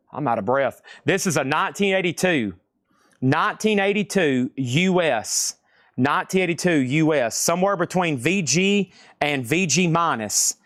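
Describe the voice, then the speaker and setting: A man selling vinyl records on a live stream in an excitable, jokey auction patter. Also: a little high, normal speed, no room sound, clean studio sound.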